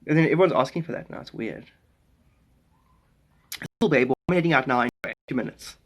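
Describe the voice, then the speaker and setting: A man's voice: mid-range voice, fairly quick. Rambling South African man on a live stream. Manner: rambling and musing, greeting viewers by name. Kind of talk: casual live-stream chat.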